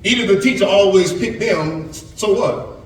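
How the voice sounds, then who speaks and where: High-voiced preacher echoing through a church. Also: male voice, moderate pace, slight background noise. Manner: preaching to young people with repetitions and stammered restarts. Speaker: pastor. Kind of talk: sermon. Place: church sanctuary. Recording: very echoey church sanctuary from far off.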